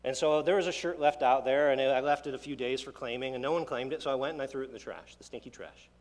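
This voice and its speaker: A male pastor delivers a sermon in a conversational, emphatic way, breaking off for asides. His voice sits at a middle pitch. A long hall reverb trails each phrase. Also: quick pace.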